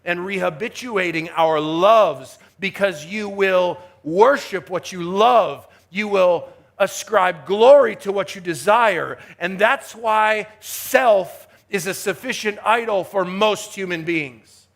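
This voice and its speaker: A man preaching a chapel sermon with emphatic delivery, swinging from hushed asides to rising exhortation. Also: high voice, slow, vocal fry, hardly any pauses. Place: university chapel.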